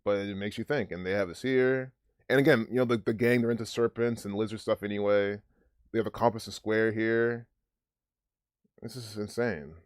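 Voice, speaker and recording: Low-voiced man rambling over a clip. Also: steady tone, clean tone, dry recording. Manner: rambling, profane, pausing to decode numbers. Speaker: video commentator. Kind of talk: casual commentary over a clip.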